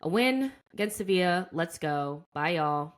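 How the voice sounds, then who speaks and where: Host: low-pitched American woman, chatty and laughing, casual talk-show delivery. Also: lively intonation, measured pace. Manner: chatty, laughs often, leans on "like". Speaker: podcast host. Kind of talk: casual football chat.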